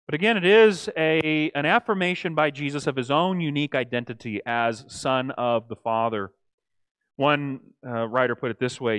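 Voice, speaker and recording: A man teaching a church Bible study in a lively, conversational way, often acting out quoted lines and checking in with the group. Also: mid-range voice, normal speed, clean tone, no echo, clean studio sound. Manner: animated, acts out quoted lines, asks the group "right?".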